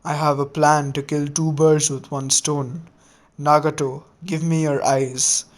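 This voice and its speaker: Calm confident young leader guy, earnest and kinda lecturing, even tone, read by a man. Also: on the high side, unhurried, natural voice. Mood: firm.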